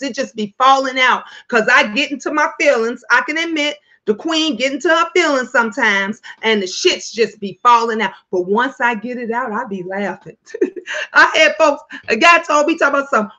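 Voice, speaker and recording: A woman hosts a casual livestream, speaking in a high, bright voice. She is loud, playful and profane, and breaks into laughter often. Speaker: livestream host.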